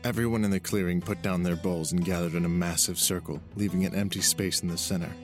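A man reading an audiobook chapter aloud as narrator, in a steady storytelling way. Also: sits low, fast talker. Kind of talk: scripted narration. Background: music.

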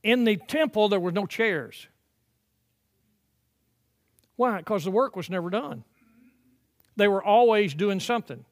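High-voiced older preacher, emphatic swells. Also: male voice, animated. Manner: emphatic preaching that swells to loud peaks, then drops to quiet, drawn-out phrases. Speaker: pastor. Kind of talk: sermon. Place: church sanctuary.

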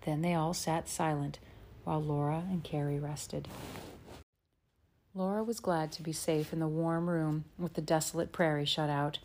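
A woman narrating a children's storybook in a slow, gentle, measured way. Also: sits low, steady tone, a little hiss or hum. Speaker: audiobook narrator.

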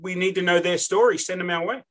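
A man's voice: high voice, steady tone, fast. A man with an Australian accent hosting a casual interview, chatty and jokey. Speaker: podcast host.

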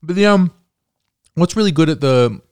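A man's voice: a little high, animated, darkish tone, smooth. A man hosting a podcast in casual chat, teasing his co-host and riffing with profane jokes. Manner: teasing, profane, quick to riff.

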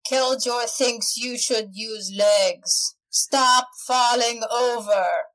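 A woman voicing a blunt male brute who talks flatly in short, curt phrases. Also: fairly high pitch, drawn-out words, rough recording. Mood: gruff. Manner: flat, curt, speaks of himself in third person.

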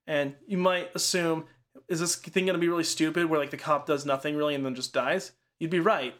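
A man's voice: on the high side, steady tone, brisk, fairly bright tone. A man in casual chat, recapping a horror movie in a rambling way, full of "like" and casual swearing.

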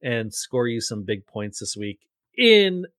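A man co-hosting a fantasy football podcast in a relaxed, plain-spoken way. His voice sounds close and dry, with no room around it. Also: medium pitch, takes it slowly, no echo. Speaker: podcast co-host. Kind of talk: casual sports betting chat.

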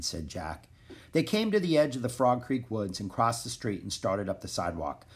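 A man with a husky, slightly breathy voice narrates a children's chapter book. His reading is expressive, with pitch that rises and falls freely across each sentence. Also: moderate pace. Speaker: audiobook narrator. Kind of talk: storybook read-aloud.

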